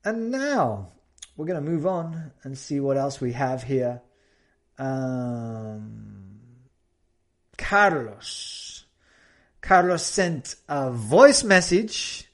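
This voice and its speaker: Brief: male language-teacher host, unhurried delivery, relaxed and conversational. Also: mid-range voice. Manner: relaxed, many fillers, demonstrates example phrases. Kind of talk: casual teaching chat mixing Spanish and English.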